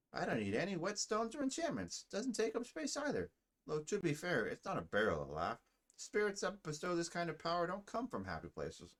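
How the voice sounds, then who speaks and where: A man's voice: medium pitch, a bit bright, pitched above the performer's own voice. A man voicing a chatty, boastful male adventurer bound to a spirit weapon in a video game, raised above his own voice with a loose, wandering put-on accent. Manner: trying out shifting British, Scottish and Australian accents.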